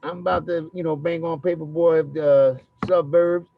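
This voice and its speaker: A man hosting a virtual concert, casually introducing a guest and slowing down for emphasis, heard over a dull, dry video-call line. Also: fairly high pitch, no room sound. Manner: relaxed, slows down for emphasis.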